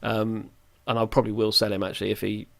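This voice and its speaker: Low-pitched with vocal fry, this man talks fast in a monotone. He's a gaming YouTuber rambling through chatty let's-play commentary, reacting aloud to the match and poking fun at himself.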